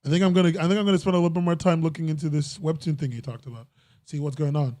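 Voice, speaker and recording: A young man in casual podcast chat, voice sitting a little high for a man. He rambles, restarts his sentences and laughs at his own jokes. The sound is close and dry. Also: fairly even intonation, rapid-fire, darkish tone, no echo. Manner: rambling, self-interrupting, laughs often. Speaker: podcast host.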